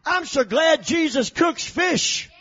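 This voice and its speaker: A preacher giving a sermon, swinging from shouted, chanting climaxes down to low, quiet storytelling. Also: male voice, expressive, slow pace, highs cut off. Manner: rising to shouted, chanting peaks, then dropping low and soft.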